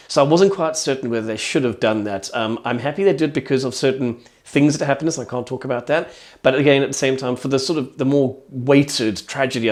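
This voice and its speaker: A man's voice: medium pitch, darkish tone. A man giving an enthusiastic, rambling casual review of a TV show.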